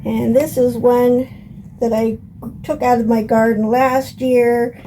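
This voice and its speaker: An older woman hosting a home gardening lesson, explaining step by step in a plain, unhurried way. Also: fairly high pitch, steady tone, dark tone, a little hiss or hum. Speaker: gardening channel host. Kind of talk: instructional gardening video.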